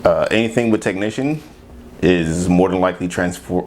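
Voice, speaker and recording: A man's voice: low voice, normal speed, a little hiss or hum. Blunt, joking male co-host. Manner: joking, blunt, laughs loudly. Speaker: co-host, military veteran. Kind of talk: casual podcast chat.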